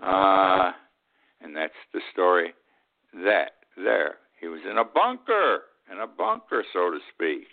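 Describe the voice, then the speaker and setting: A man's voice: low voice, sing-song, slow pace, gravelly. A man in his eighties hosting a political commentary show, blunt and indignant, often repeating himself. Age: 80s. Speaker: host. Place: Key West. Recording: tinny phone-like line.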